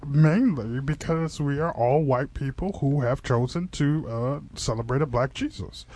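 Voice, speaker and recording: A man's voice: mid-range voice, dark tone, close to an everyday voice. A man playing a pompous, stammering pastor in an improvised radio comedy sketch. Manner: stammering, bossy, quick to snap. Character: pompous male pastor of an odd church.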